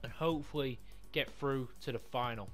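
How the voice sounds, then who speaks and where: A man commentating his own football video game run, swinging from calm talk to swearing and yelling at the screen. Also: medium pitch, moderate pace. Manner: excitable, sweary, yells at the game. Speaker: gaming YouTuber. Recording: music playing behind.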